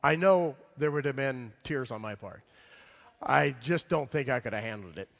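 A male pastor preaching a sermon, emphatic, swinging between loud declarations and hushed asides. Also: mid-range voice, expressive, moderate pace, creaky. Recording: long hall reverb.

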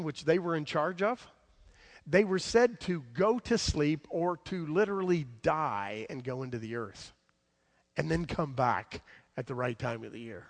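Animated male preacher telling a story. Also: fairly high pitch. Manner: animated storytelling, swinging from loud emphasis to soft asides. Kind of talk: sermon.

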